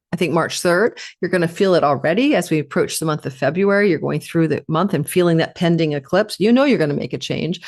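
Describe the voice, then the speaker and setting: A woman from Canada giving an astrology forecast in a chatty way, piling up lists of words and dropping in asides. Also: on the low side.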